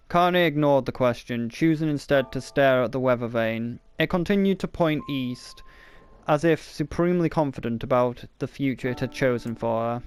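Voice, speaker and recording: A man's voice: medium pitch, moderate pace, smooth. A man casually reading a novel aloud, often stumbling and restarting words, with the odd joking aside. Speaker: reader.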